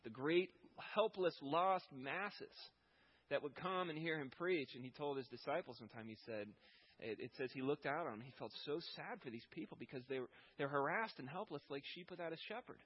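A man with a husky, slightly high voice preaches in an easy, conversational way, swelling into more forceful emphasis at key points. The recording sounds dull and lo-fi. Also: a little fast. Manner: conversational preaching, rising with emphasis when voicing God. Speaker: pastor. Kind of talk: sermon.

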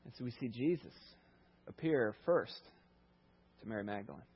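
Husky guy preaching, chatty bible retelling, muffled lo-fi sound. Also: mid-range voice, expressive, normal speed. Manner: conversational Bible retelling with asides. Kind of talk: sermon.

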